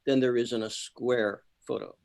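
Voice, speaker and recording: A man at a photography club meeting gives feedback on a member's picture. He talks in bursts, stumbling over words and circling back to repeat himself. His voice sits in an ordinary middle pitch. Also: fairly even intonation, creaky, a little mellow. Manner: halting, repeats words, enthusiastic. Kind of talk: casual club discussion.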